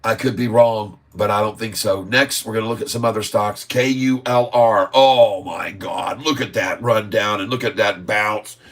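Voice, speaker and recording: A man hosting a live stock-market stream, excitedly calling price moves, drawing out sing-song chart calls and repeatedly addressing viewers as folks. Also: on the low side, moderate pace, hardly any pauses. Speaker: stock market channel host.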